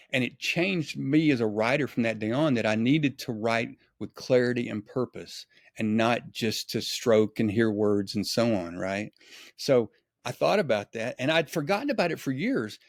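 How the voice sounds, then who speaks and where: A man from East Texas, a guest author telling stories in an animated, casual way. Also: mid-range voice, no room sound, clean studio sound. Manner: animated storyteller, acts out quoted dialogue. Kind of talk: casual storytelling.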